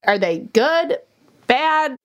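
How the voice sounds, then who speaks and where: A middle-aged woman co-host with a fairly high voice that swoops up and down a lot. She chats candidly and casually about personal matters in a relaxed podcast conversation. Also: extremely slow. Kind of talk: casual chat.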